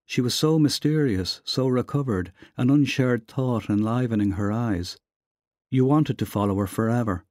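A man giving a measured reading of a literary short story. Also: mid-range voice, darkish tone, no echo, clean studio sound. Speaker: reader.

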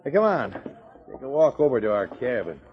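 A man's voice: mid-range voice, big pitch swings, normal speed, lightly acted. An actor playing a scheming male outlaw who threatens a man with blackmail, in a 1950s radio drama. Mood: menacing. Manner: smooth, threatening, coolly scheming. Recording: muffled old radio recording.

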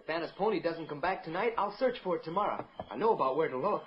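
A man's voice: a little high, expressive, fast, a little hiss or hum, natural voice. An actor playing a polite, earnest teenage boy in a 1940s radio drama. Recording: dull old radio broadcast.

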